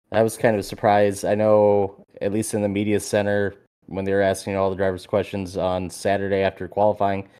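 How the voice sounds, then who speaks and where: Animated swearing man telling a story. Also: on the low side, smooth. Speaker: podcast co-host. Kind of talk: casual podcast chat.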